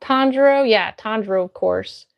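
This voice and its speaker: A woman's voice: on the high side, fast, vocal fry, lo-fi sound. A young woman hosting a casual phone livestream, bubbly and greeting viewers by name as she reads the chat. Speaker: livestream host reading chat. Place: home, phone stream.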